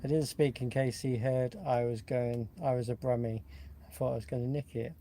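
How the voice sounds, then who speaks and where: A man's voice: medium pitch, flat delivery, normal speed, mellow, slight background noise. A man from Nottingham co-hosting a live online chat, talking in a rambling, easygoing way and laughing often. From England (Nottingham). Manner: chatty, rambling, laughs easily. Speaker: co-host. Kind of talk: casual livestream chat.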